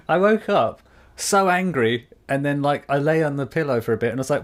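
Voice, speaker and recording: Animated British man telling a story. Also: fairly high pitch, normal speed. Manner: animated storyteller, acts out quoted voices. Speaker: podcast co-host. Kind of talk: casual chat. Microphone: studio microphone.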